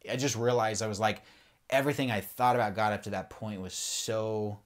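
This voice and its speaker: A man's voice: lowish voice, steady tone, brisk. A man on a podcast, candidly telling a personal faith story in an earnest, rambling way and swearing freely.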